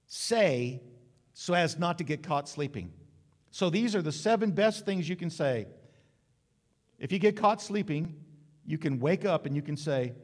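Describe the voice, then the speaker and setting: A man preaching a sermon in a church, joking and acting out voices in quotes. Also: on the high side. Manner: lively, joking preacher who acts out quotes. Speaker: pastor. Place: church sanctuary. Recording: long hall reverb.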